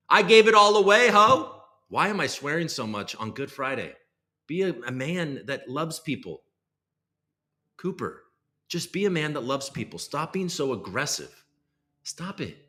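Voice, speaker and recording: A young man hosting a casual livestream, rambling and sarcastic, jumping from loud bursts to low muttered asides. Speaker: host.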